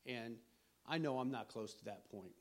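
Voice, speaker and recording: A man's voice: mid-range voice, moderate pace. Rambling, conversational male preacher. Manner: rambling, conversational, frequent restarts and throat clearing. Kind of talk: informal sermon.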